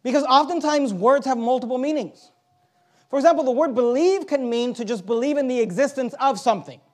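A man's voice: extremely high pitch, fairly quick. A man preaching a sermon, stressing key words, asking rhetorical questions and reading scripture aloud.

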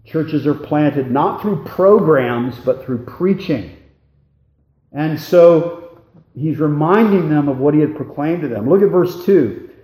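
Slow, deliberate preacher in an echoey room. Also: male voice, a little high, animated, warm tone. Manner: deliberate, emphatic preaching cadence with scripture reading. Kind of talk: expository sermon.

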